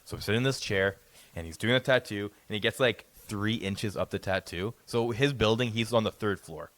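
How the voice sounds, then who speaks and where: In a lowish, slightly bright voice at a fairly quick pace, a man co-hosting a podcast winds his way through a long, casual story. It's full of stammered restarts and heavy swearing.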